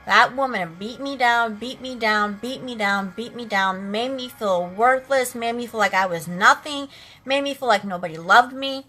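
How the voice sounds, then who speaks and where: A woman's voice: on the high side, normal speed, pushed and bright, soft background music. A woman in her late thirties on a makeup livestream, telling a personal story in an earnest, heartfelt way and speaking straight to her viewers. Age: late 30s. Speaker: makeup live streamer.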